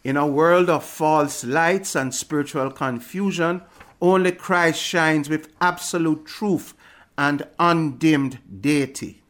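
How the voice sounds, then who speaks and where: A man preaching a sermon with a measured, emphatic delivery. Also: on the high side, fairly bright tone.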